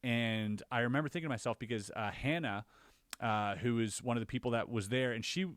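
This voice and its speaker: A man on a podcast, casually recounting his own experiences as an animated storyteller whose voice jumps higher when he relives the scary parts. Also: brisk, no room sound, studio quality. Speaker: podcast co-host.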